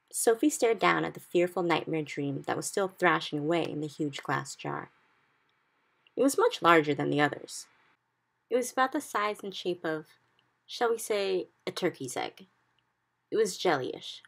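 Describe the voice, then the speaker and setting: A woman reads a children's chapter book aloud at an even pace. Her voice is low with a gravelly edge, and her narration stays steady. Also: normal speed. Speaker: reader. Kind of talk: storybook read-aloud.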